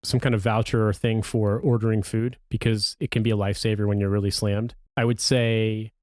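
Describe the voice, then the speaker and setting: A man in his thirties co-hosting a podcast in casual chat, telling stories with lively impressions and some swearing. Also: fairly low pitch, a little fast, no echo, studio quality. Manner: animated storyteller, swears, mimics movie lines. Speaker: podcast co-host.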